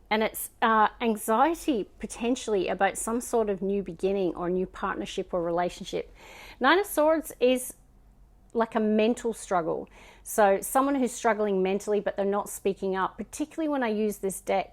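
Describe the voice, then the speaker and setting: A woman with a Scottish accent giving a casual tarot card reading, musing and chatty, sometimes dropping to soft murmurs. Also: mid-range voice, lively intonation, moderate pace. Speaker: tarot reader.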